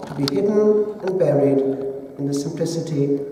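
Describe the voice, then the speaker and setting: Priest from England preaching a sermon, high-pitched and mellow, heard from far off in a long-echoing church hall. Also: male voice, slight background noise. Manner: measured, deliberate delivery with long pauses.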